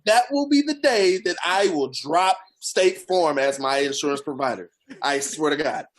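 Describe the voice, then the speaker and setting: A man's voice: a little high, lively intonation, moderate pace. A man co-hosting a podcast, ranting in heated, profane casual chat. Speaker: podcast co-host.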